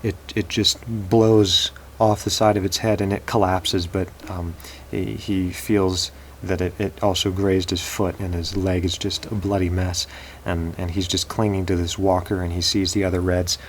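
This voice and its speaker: A man telling an improvised story in a halting way, often repeating words. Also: deep voice, flat delivery, slight background noise, low-quality recording.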